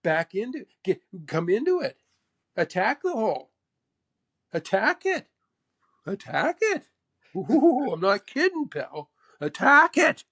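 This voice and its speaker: A man's voice: high-pitched, very animated, takes it slowly, pauses often, sharp tone, husky, pitched above the performer's own voice, full character voice. A man impersonating a quirky older male golf legend who talks in a sing-song way, starts lines with "ooh", repeats phrases and calls people "pal". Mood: urging.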